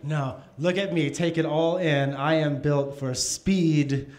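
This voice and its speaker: A man performing stand-up in a comedy club, taking his time over every line. His voice sits slightly high. His delivery is dry and measured, and he makes himself the butt of the jokes. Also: steady tone, a little mellow.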